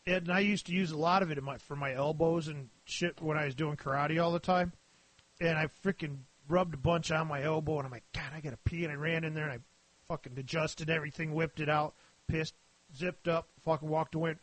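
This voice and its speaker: A man's voice: a little high, brisk, dry recording. A man in rowdy, profane podcast banter, telling crude stories. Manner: rowdy, profane, animated storytelling.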